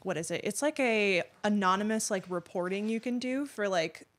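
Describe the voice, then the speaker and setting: A woman's voice: medium pitch, normal speed. Casual woman guest, lots of "like". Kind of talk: casual chat.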